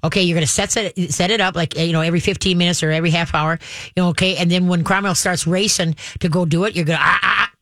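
Woman dog-training host, brisk and practical, demonstrates commands calmly, dry close recording. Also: fairly low pitch, no room sound. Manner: direct, instructive, acts out calm dog commands; frequent checks like "okay?" and "all right?". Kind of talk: casual advice to a caller.

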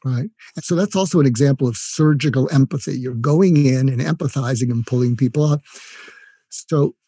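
Older male guest expert, husky and mellow, earnest explainer who acts out sample lines. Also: medium pitch, moderate pace, dry recording. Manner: earnest, demonstrates phrases in a softer voice. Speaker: guest psychiatrist and coach. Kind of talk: conversational explaining with acted examples.

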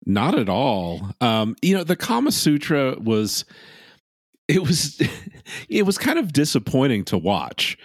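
Young male co-host with a lively, sarcastic delivery and salty language, dry room. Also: mid-range voice, slow pace, dry recording. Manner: sarcastic, animated, swears. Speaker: podcast co-host. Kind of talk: casual chat recapping a reality show.

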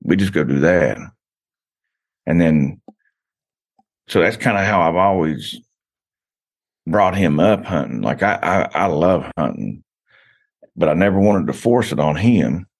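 Very low voiced guy on a podcast, rambly storyteller, lots of you know's. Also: expressive, unhurried, gravelly, pauses often. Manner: rambling, storytelling with many restarts and "you know". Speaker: podcast guest, hunter. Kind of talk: casual podcast chat.

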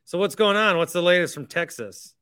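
Bright-voiced joking podcast host man. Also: high voice, animated, fairly quick, smooth. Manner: joking, teasing callers. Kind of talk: casual call-in chat.

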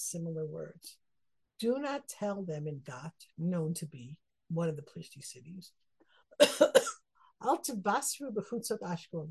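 A woman's voice: fairly low pitch, creaky, darkish tone, slightly rough, poor audio. A middle-aged woman teaching a Torah text study lesson, earnest and reflective, weaving Hebrew phrases into her English explanations and getting emotional about the verses.

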